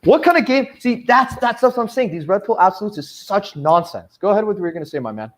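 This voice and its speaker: A male podcast host who talks quickly and somewhat high, pressing his points in blunt, crude bursts. His delivery is casual chat that turns into a rant. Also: big pitch swings. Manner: emphatic, ranting, crude.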